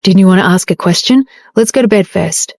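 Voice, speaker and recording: A woman voicing a calm, domineering husband who gives plain, teasing commands in an audiobook. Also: medium pitch, fairly quick, no room sound, studio quality, lightly acted. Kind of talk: audiobook dialogue.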